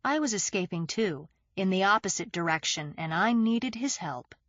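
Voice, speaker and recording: A woman reads a thriller aloud in the first person, her pacing measured and steady. Her voice sits in a middle register and is recorded very close and dry, with no room sound at all. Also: medium pitch, dry recording, lo-fi sound. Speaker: audiobook narrator.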